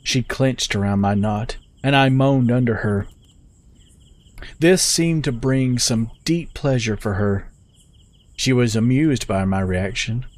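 A man telling a story in the first person with steady, measured scripted narration. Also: mid-range voice.

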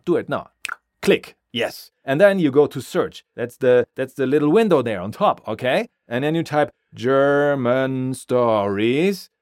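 A man's voice: medium pitch, dry recording, studio quality. A man hosting a podcast, giving chatty step-by-step instructions to listeners. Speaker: podcast host. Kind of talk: casual promo for listeners.

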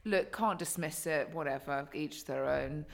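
A woman's voice: sits low, unhurried, gravelly. A woman co-hosting a podcast in casual chat, chatty and sweary, with lots of ums and likes. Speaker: podcast co-host.

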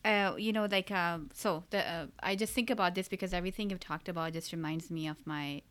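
Bright, crisp-voiced woman. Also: lowish voice, steady tone, brisk. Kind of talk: casual conversation.

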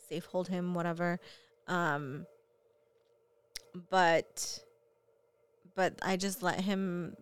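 A woman's voice: on the low side, smooth. Young mother telling a candid story. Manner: candid storytelling, frequent fillers. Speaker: parent. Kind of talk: casual chat.

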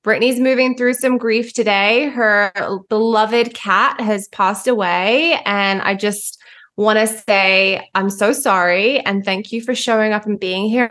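A woman hosting a casual podcast interview in a warm, affirming, gushing manner. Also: medium pitch. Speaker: podcast host.

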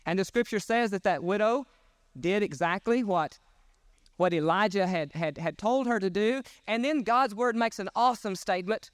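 A man's voice: high-pitched, moderate pace, smooth, dry recording, clean studio sound. A man preaching a sermon at a church service, emphatic and folksy as he retells Bible stories. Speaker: pastor.

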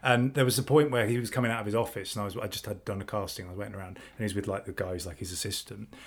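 Fast-talking man hosting a podcast. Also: lowish voice, fairly even intonation. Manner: fast, hesitant, full of fillers and restarts. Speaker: podcast host. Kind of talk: casual chat.

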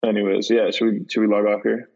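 A low, gravelly man with a husky edge, rambling through casual podcast banter. The audio is dull and lo-fi, and a long reverb hangs after every phrase. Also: little pitch movement, fast talker, a little mellow. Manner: rambling, filler-heavy. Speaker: podcast co-host. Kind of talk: casual comedic chat.

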